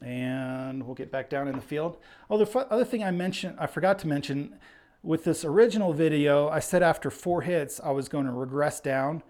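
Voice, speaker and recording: A man's voice: on the high side, normal speed, darkish tone. A man hosting a casual live stream, chatting and calling the action as he plays, a little out of breath. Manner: chatty, reads viewer names aloud. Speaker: livestream host.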